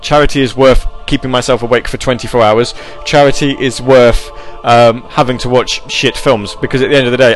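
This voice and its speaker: A man hosting a casual live radio show, rambling and animated as he reads chat messages and tells stories. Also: mid-range voice, a little fast, hardly any pauses, soft background music.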